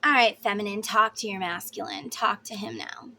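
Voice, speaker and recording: A woman's voice: medium pitch, moderate pace, pushed and bright, slight background noise. A woman giving a casual tarot reading to her viewers, chatty and emphatic, sometimes blunt and swearing. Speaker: tarot reader.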